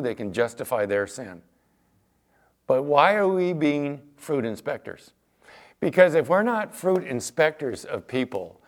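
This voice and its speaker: Chatty storytelling pastor, man. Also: medium pitch. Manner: chatty storyteller, acts out quoted exchanges, fillers like "you know". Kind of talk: conversational sermon with anecdotes.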